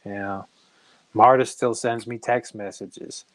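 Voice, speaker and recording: A man's voice: on the low side, measured pace, no echo. A man from Massachusetts, a comic artist guest, telling long stories and acting out the dialogue of the people in them. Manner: animated storyteller who acts out quoted dialogue. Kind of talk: casual interview storytelling.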